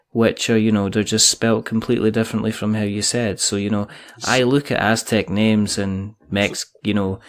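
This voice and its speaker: A Scottish man hosting a casual chat over a video call, joking and rambling in a self-deprecating way. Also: on the low side. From Scotland. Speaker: podcast host.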